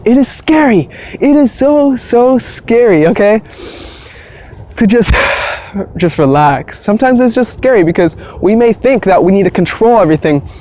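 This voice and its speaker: A man's voice: sits high, darkish tone. A man talking casually to camera about spirituality, earnest and reassuring, often repeating himself and checking in with "okay?". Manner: soothing, reassuring. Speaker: spiritual vlogger.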